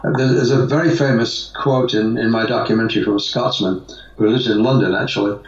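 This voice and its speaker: A man's voice: mid-range voice, fairly even intonation, a little fast, recorded from a distance. A man, a guest, giving long conversational answers in a rambling way, with restarts and fillers, in a roomy, dull-sounding recording made away from the mic. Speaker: guest, natural health advocate.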